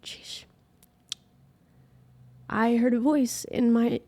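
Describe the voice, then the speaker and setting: Young adult woman, interview guest; earnest, emotional, halting storyteller. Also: fairly high pitch, fairly even intonation, warm tone. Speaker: guest musician. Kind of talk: personal faith story in an interview.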